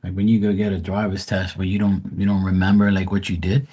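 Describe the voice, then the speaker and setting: A man with a deep, husky voice chats loosely and profanely while hosting a livestream. He rambles from one point to the next in an offhand, conversational way. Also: level tone, quick pace, warm tone. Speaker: tarot reader livestream host. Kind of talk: casual livestream chat.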